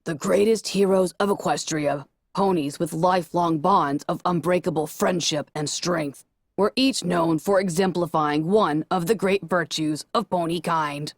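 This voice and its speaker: A woman reading a fan fiction story aloud and voicing a calm, lecturing voice that speaks through a flying robot orb. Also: fairly low pitch, a little slow, no room sound, studio quality, voice pushed down. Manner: calm, lecturing, slightly hesitant.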